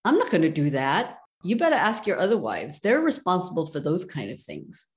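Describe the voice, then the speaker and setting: A woman's voice: lowish voice, huge pitch swings, moderate pace, darkish tone. A woman voicing a young, beautiful and selfish wife who bluntly refuses her husband. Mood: indignant.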